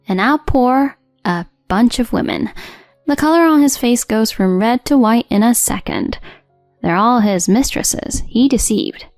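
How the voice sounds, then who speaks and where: A woman narrating a first-person story in a cold, steady, matter-of-fact way. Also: on the high side, dry recording. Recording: dry studio voice-over with soft music.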